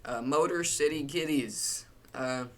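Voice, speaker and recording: A man's voice: on the high side, a little slow. Rambling, opinionated young man. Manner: rambling, opinionated, many restarts and fillers. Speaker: YouTuber ranking logos. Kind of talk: casual commentary.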